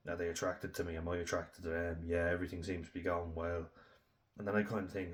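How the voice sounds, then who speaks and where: A young man talking frankly and reflectively in a personal vlog, swearing casually and filling pauses with "you know" and "like". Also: deep voice, flat delivery. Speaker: vlogger. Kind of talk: candid personal vlog talk.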